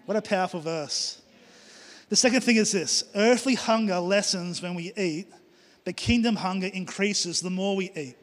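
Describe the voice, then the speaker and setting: A middle-aged pastor preaches a sermon in a church hall, his high-sitting voice moving at a moderate pace as he hammers home repeated, emphatic phrases. The recording carries a long hall reverb.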